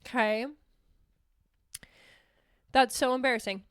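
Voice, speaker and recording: Bright, self-mocking young woman host. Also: on the high side, slow, clear, resonant tone, no room sound, studio quality. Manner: animated, self-mocking, swears freely. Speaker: podcast host. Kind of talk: casual storytelling monologue.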